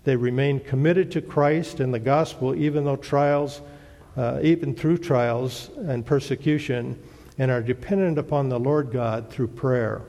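Man, Bible teacher, gravelly voice, halting delivery full of "uh" fillers, long hall echo. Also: mid-range voice, warm tone. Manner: plain, hesitant teaching with many "uh" fillers. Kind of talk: Bible lesson sermon.

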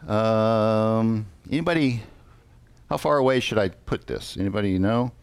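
Smooth and somewhat low, this man's voice carries a sermon captured in a dry recording. He reads scripture aloud in a measured manner and asks the congregation questions.

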